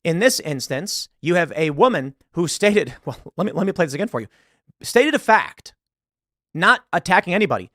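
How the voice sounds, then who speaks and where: A man's voice: fairly high pitch, very animated, normal speed, fairly bright tone, dry recording, studio quality. A man giving emphatic online commentary, often repeating words as he pushes his points. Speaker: political commentator.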